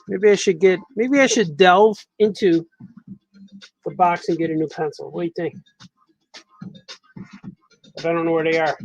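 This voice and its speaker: A man's voice: sits high, no echo, dull audio. A man, a cartoonist, chatting casually on a live stream while he draws, repeating himself as he works.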